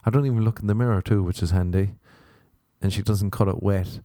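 A man hosts his podcast alone, drifting through profane, self-mocking rants in a casual monologue. His voice sits on the low side and sounds mellow. The sound is dry and close to the mic. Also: fairly even intonation, brisk, no room sound. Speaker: podcast host. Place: Los Angeles.

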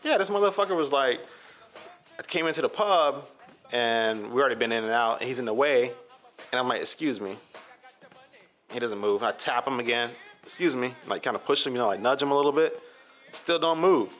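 Animated, swearing male storyteller. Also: mid-range voice, fairly quick, long pauses, faint music behind. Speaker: podcast co-host. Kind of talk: casual storytelling chat.

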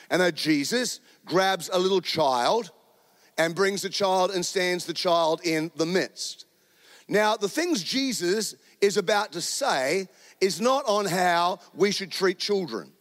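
High-voiced joking male pastor. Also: animated, slow pace, fairly bright tone, big-room sound. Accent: New Zealand. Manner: joking, conversational preaching. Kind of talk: sermon. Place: church auditorium. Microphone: handheld microphone.

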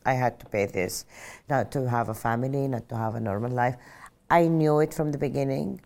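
A woman's voice: very deep voice, a little fast, gravelly, darkish tone. A middle-aged woman from Arabia, a pilot telling her story in an earnest, reflective interview and often saying "just like". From Saudi Arabia.

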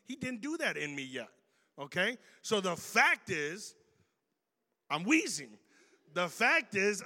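A man preaching a sermon to a room, animated and joking as he makes his points. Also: high voice. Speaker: pastor. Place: church auditorium. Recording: reverberant hall. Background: long hall reverb.

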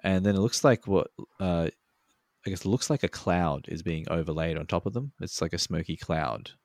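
On a remote call, a man co-hosts a podcast, rambling in a relaxed way and cursing freely. His voice is low and a little dark, at normal speed, and the recording is dry.

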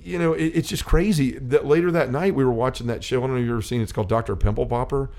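A man's voice: medium pitch, rapid-fire, darkish tone. A middle-aged man hosting a faith-based chat, telling a personal story in an earnest, rambling way. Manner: earnest storytelling, many restarts and quoted dialogue.

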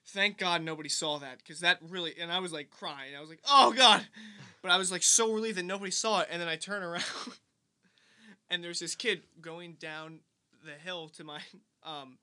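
A young man co-hosting a podcast, telling an embarrassing childhood story in animated casual chat. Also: on the high side, normal speed. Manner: animated storyteller, laughs often. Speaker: podcast co-host.

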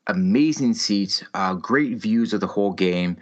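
This podcast host, a man in his thirties, speaks on the low side at a measured pace. He tells a story in loose conversation, swearing heavily and ranting in an exaggerated way, over slightly muffled lo-fi sound.

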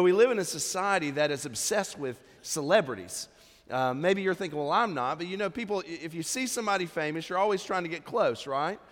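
A man preaching a sermon as pastor, telling a story in a conversational way before moving into scripture. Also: a little high. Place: large church sanctuary. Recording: long hall reverb.

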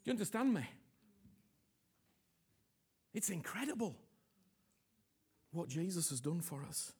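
A middle-aged man preaching a sermon, moving from hushed whispers to loud, pleading outbursts and asking his listeners again and again whether they understand him. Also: high voice, very animated, unhurried, breathy edge. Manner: repeats himself, asks "you understand me?" often.

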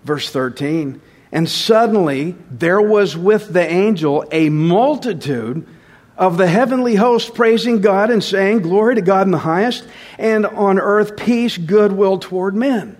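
A man preaching a sermon, swinging between loud stressed phrases and soft, low asides, often slowing down to repeat a line. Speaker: pastor.

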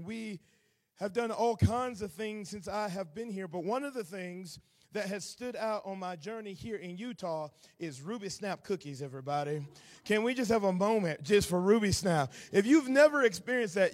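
A man in his thirties from Georgia with a Southern accent, preaching as a guest with folksy humor and sudden loud bursts. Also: high-pitched, expressive, normal speed. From Atlanta, Georgia. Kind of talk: sermon.

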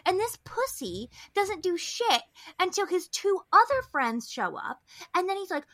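A woman's voice: very high voice, measured pace, no room sound. A woman co-hosting a podcast in casual chat, talking animatedly with lots of swearing and "like". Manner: animated, profane, heavy use of "like". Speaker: podcast co-host.

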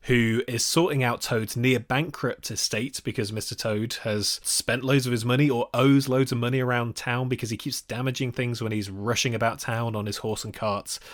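A man co-hosting a casual podcast, chatty and joking as he reviews an old animated film. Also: medium pitch. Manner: chatty, joking, quick asides. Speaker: podcast co-host.

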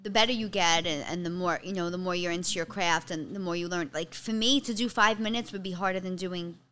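A woman from the Bronx with a Bronx New York accent, a guest comedian chatting fast on a podcast, full of restarts and "like". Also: lowish voice, bright, forceful tone. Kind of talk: casual podcast chat.

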